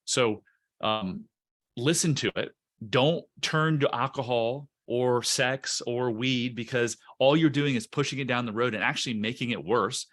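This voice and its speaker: A man guesting on a podcast interview explains emotional self-help as a coach, earnest and encouraging, often restarting words. His voice is medium-pitched, unhurried, and a bit bright.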